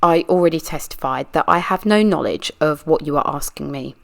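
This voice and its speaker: A woman's voice: deep voice, a little fast, creaky. A woman reading a deposition aloud, voicing a guarded woman witness who gives short, evasive answers. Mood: terse, guarded. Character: guarded adult woman witness under questioning. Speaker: true crime channel reader. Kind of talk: read-aloud deposition reenactment.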